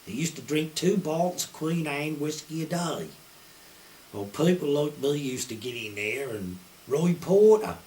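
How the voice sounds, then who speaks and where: Older Suffolk countryman, a fairly high voice, a rural yarn-spinner who does the voices of the people in his stories. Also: lively intonation, unhurried, a little mellow, a little hiss or hum. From Suffolk, England. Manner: broad rural dialect, acts out quoted dialogue. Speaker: retired poacher. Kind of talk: anecdotal storytelling.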